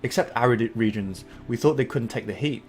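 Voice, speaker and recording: An Englishman reading out an eager young male field agent from a game, in a raised, excited way. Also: medium pitch, brisk, close to an everyday voice.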